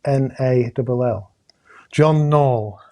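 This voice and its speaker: A man's voice: medium pitch, a little mellow. Chatty man hosting a live raffle. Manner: chatty, halting with many uh's, jokey asides. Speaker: host drawing raffle prizes. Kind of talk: casual live-stream chat. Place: indoors at home with a camera crew.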